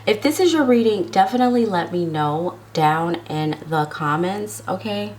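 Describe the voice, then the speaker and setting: A woman's voice: on the low side, lively intonation, darkish tone, a little hiss or hum. A woman giving a casual tarot love reading to her viewers, chatty and drawn out, often checking in with "okay?". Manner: chatty, drawn-out words, frequent "okay?" tags. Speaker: tarot reader.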